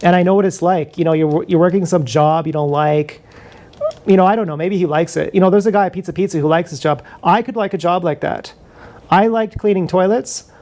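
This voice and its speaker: Brief: live streamer, middle-pitched voice, rambling and profane, confessional storytelling straight into an action camera. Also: a little fast, a little mellow. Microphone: action camera mic.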